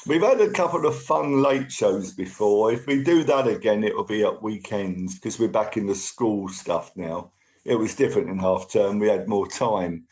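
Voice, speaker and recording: A man's voice: mid-range voice, poor audio. A man hosting a casual live stream, chatting to viewers and thanking them by name as they join.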